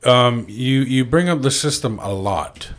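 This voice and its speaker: A man's voice: mid-range voice, animated, unhurried. A man hosting a podcast, asking a guest a long question in a searching, hesitant way full of fillers. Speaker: podcast host. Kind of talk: casual podcast interview.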